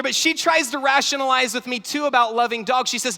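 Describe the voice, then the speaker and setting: A man in his thirties giving an animated, story-filled talk at a youth conference, acting out dialogue. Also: very high-pitched, brisk, creaky, few pauses. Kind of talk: sermon-style talk with stories. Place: large conference hall. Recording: large hall reverb.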